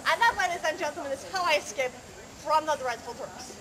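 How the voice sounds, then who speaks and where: A woman's voice: high-pitched, expressive, a little fast. A woman doing a comic slackrope show at a renaissance faire, telling a tall tale with theatrical patter and teasing the audience. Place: outdoor fair stage with a crowd. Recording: noisy outdoor crowd recording.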